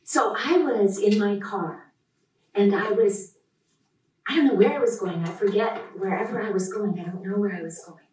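A woman's voice: medium pitch, moderate pace, darkish tone. A woman professor giving an enthusiastic, heartfelt introduction at a live poetry reading. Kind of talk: live event introduction speech. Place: lecture room at a reading. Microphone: podium mic. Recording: echoey hall, distant mic.

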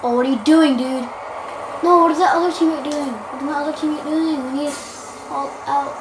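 A woman's voice: high voice, fairly even intonation, fairly quick, roomy sound, over music, rough recording. A young woman commenting on her own gameplay in a playful way, making silly rhymes and snapping at teammates when frustrated. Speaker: gamer. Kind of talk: let's-play commentary.

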